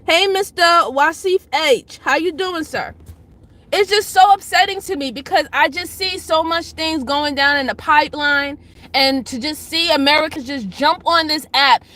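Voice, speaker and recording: A woman's voice: high voice, normal speed, bright, forceful tone. A woman hosting a casual livestream who greets chatters by name and lectures and pleads with her viewers, repeating her points for emphasis. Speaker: livestream host.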